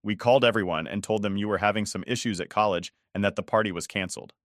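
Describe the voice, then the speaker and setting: A man's voice: on the low side, fast, no echo, natural voice. A cool, dismissive middle-aged mother , read by a man. The voice is only slightly raised, and the recording is dry and close.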